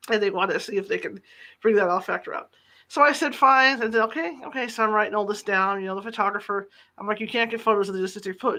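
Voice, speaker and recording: Bright-voiced chatty podcast host. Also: mid-range voice. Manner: chatty, retells dialogue in quotes. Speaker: podcast host and former reporter. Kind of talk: casual anecdotal storytelling. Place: lives in the Sacramento area.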